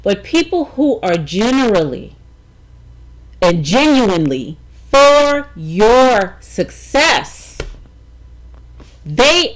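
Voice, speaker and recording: A middle-aged woman telling a personal story to camera with a lively, swooping voice. She talks emphatically, stops to check in with her viewers, restarts sentences, and leans hard into the key moments. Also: fairly high pitch, poor audio. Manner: emphatic, animated storytelling with frequent restarts and "okay?" check-ins. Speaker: vlogger.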